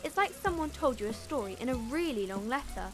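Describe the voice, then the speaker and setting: A woman putting on a bright little girl from a game, eager and polite, her voice high and bouncing all over the place. She chirps every line as if greeting a customer. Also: animated, a little fast, soft background music. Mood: chirpy. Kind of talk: game dialogue read aloud.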